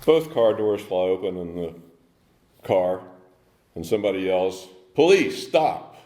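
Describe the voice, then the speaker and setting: A man giving a personal recovery story at a speaker meeting, halting, with many ums and restarts. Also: deep voice, dark tone. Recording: echoey meeting room.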